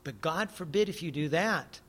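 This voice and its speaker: An American man who holds forth in a casual conversation, earnest and preachy, with a lot of swearing. His voice sits on the higher side for a man. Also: moderate pace, fairly bright tone, husky. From United States. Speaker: guest.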